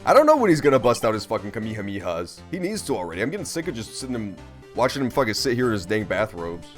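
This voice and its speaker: A man's voice: fairly low pitch, big pitch swings, fast. A young man streaming a game, chatting casually in a profane, rambling, amused way. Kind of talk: casual gameplay commentary. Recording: faint game music behind.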